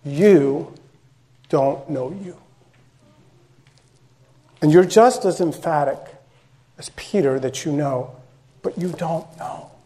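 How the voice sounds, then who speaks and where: Guy preaching a sermon, kinda high voice, slow, casual and direct, repeats stuff for emphasis. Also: warm tone. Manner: conversational, direct address, repeats phrases for emphasis. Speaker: pastor.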